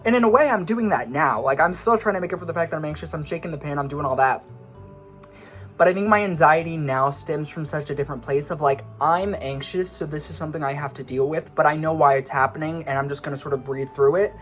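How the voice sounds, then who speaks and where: A man's voice: fairly high pitch, quick pace, a bit bright. A young man talks to camera in a loose, rambling way, jumping from one tangent to the next and teasing himself as he goes. He sounds slightly out of breath throughout. Faint music plays underneath. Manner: scattered, tangent-prone, self-mocking. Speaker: vlogger and musician. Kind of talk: casual rambling monologue.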